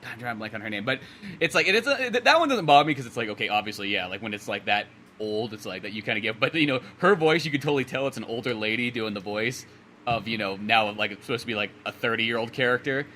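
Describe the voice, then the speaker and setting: A man co-hosting a casual podcast, talking very quickly as he rambles through his opinions, often trailing off and starting again. His voice is bright and crisp at a middling pitch, with a faint background noise under it. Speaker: podcast co-host. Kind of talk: casual movie review chat.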